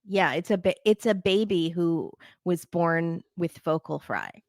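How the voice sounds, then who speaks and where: A woman from Los Angeles, a podcast guest, chatting casually and quickly. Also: lowish voice, a little mellow, dry recording, clean studio sound. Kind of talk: casual chat.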